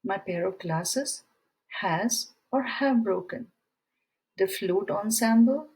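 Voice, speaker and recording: A woman's voice: mid-range voice, slow, darkish tone, low-quality recording. A woman teaching a grammar lesson, explaining rules through example sentences and reading quiz items aloud. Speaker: English teacher. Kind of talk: slow, deliberate grammar lesson.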